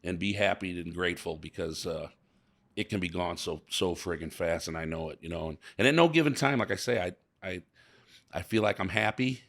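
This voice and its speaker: Gravelly low-voiced St. man. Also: a bit bright. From St. Louis, USA. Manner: halting, repeats words, emotional and earnest. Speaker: business owner guest. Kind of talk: casual interview.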